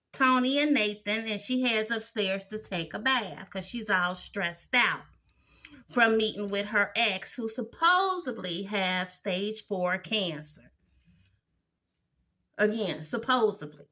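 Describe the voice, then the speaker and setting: A woman's voice: mid-range voice, bright, forceful tone. A woman giving a blunt, opinionated recap of a TV episode, exasperated and sassy as she talks it through.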